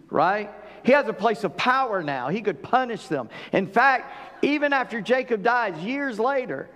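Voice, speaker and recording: A man preaching a sermon as pastor, conversational and animated, often acting out quoted lines in other voices. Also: on the high side. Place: church sanctuary. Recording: long church-hall reverb.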